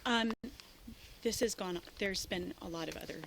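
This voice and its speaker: Upset woman telling a cop what happened, halting and shaky, noisy bodycam audio outside. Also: medium pitch, gravelly, fairly bright tone. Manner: halting, shaken, with many restarts. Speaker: person reporting an assault to police. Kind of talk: spoken statement to an officer. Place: outdoors by a rural road.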